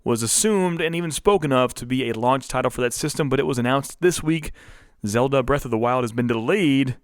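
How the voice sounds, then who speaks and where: A man's voice: medium pitch, brisk, clean tone, no echo, studio quality. A man co-hosting a podcast, chatting casually and laughing often as he runs through gaming news. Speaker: podcast co-host. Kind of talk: casual chat.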